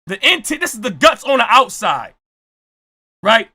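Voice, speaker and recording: A man doing comedic reaction commentary, ranting loudly and often shouting his punchlines. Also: very high voice, big pitch swings, normal speed, pauses often. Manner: repeats jokes for effect. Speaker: reaction streamer.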